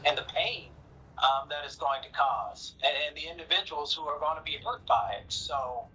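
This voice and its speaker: A man's voice: a little high, expressive, normal speed, bright, forceful tone, low-quality recording. A man streaming and reacting to videos, talking casually to his viewers with many restarts. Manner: rambling with restarts, talks to viewers as y'all. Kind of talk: casual commentary.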